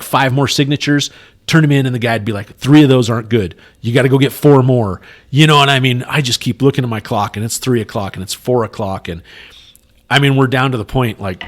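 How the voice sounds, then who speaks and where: Storytelling podcast host, casual and animated. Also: male voice, medium pitch. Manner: animated, retells scenes in quoted dialogue, many "you know" fillers.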